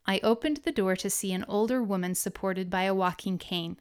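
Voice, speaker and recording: Woman reading her memoir, smooth voice. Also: mid-range voice, a little fast. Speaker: memoir narrator.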